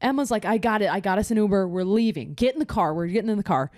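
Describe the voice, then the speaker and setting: Woman, young adult, casual storytelling, middle pitch, dry studio sound. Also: quick pace, dry recording. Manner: rambling animated storytelling with frequent "like" and laughter. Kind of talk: casual chat.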